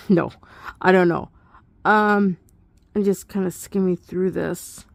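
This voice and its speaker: A woman's voice: fairly low pitch, steady tone, slow, creaky, no echo. A young woman giving a casual, rambling study update, thinking aloud with fillers and little laughs. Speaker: homeschool student.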